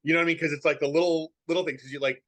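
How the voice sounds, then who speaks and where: A man's voice: a little high, steady tone, racing, fairly bright tone. Guy from massachusetts, light new england accent, casual rambly chat full of "like" and "um". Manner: rambling, many fillers and restarts. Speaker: podcast guest, professional wrestler.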